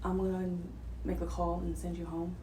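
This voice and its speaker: A woman's voice: fairly low pitch, little pitch movement, moderate pace, dark tone, a little hiss or hum. A woman who is a team lead, curt and firm as she tells an employee to leave, caught on a hidden phone. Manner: curt and firm, giving orders. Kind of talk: workplace confrontation. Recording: distant echoey audio from a hidden phone.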